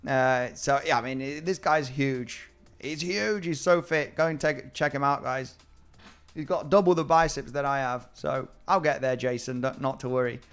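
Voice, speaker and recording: A man's voice: medium pitch, normal speed, fairly bright tone, clean tone, faint music behind. A man hosting a casual live stream about crypto trading, chatting with viewers and often repeating his words.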